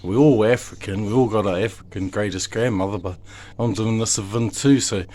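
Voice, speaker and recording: A man's voice: fairly low pitch, brisk, darkish tone. A father with a New Zealand accent giving an emotional, rambling monologue to camera, pleading and swearing heavily. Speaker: video maker. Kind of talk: impassioned direct-to-camera monologue.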